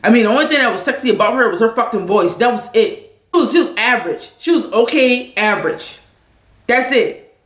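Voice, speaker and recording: A woman angrily venting a story on a livestream, talking loud, blunt and full of profanity. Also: a little high, expressive, a little fast, echoey room.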